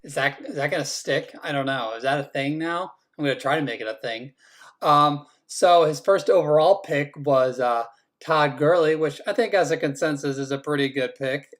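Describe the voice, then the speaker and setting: A man's voice: fairly high pitch, normal speed. A man acting as league commissioner, giving a casual, teasing run through each team's draft picks and swearing now and then. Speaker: fantasy football league commissioner. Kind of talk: casual team-by-team draft rundown.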